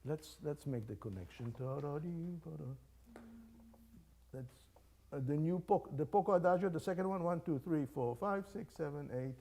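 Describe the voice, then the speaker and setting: In a music master class, an older man coaches young players, his mellow voice a little high, fairly quick, and lively in intonation. He's playful and encouraging, singing phrases out loud as demonstrations, with chamber music playing faintly in the background.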